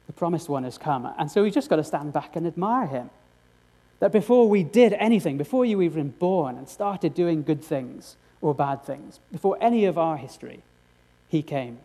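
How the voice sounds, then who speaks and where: A man's voice: a little high, animated, normal speed, dark tone. A man preaching a sermon, earnest and direct, often asking his congregation rhetorical questions.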